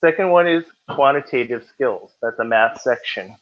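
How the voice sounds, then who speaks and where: A man's voice: medium pitch, animated, moderate pace. Joking male tutor in a dull recording. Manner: chatty, joking with students. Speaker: test-prep tutor. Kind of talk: classroom teaching. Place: classroom.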